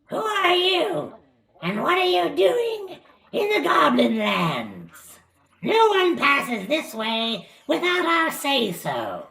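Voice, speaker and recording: A man's voice: huge pitch swings, takes it slowly, vocal fry, distant mic, exaggerated voice. A man voicing a cocky male goblin leader with a thin, reedy Cockney voice and a taunting manner, recorded in an echoey room away from the mic. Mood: challenging. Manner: taunting, high and loud.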